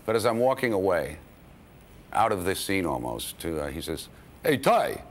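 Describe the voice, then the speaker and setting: A man's voice: low-pitched, very animated, normal speed, slight background noise. A man being interviewed about a film he acted in, telling an anecdote with chuckles. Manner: storytelling, chuckling. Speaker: actor recalling a film.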